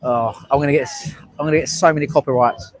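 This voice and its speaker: A North London man with a London accent, talking straight to his viewers during an outdoor protest stream. His banter is blunt and sweary, full of "mate" and quick asides, and his voice sits slightly higher than most men's. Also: fairly even intonation, no echo, rough recording. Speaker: livestreamer. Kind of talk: live street stream, chatting to viewers.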